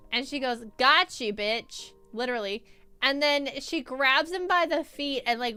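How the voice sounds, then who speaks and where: A woman streamer chatting casually and telling stories while answering chat, animated and laughing often. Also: high-pitched.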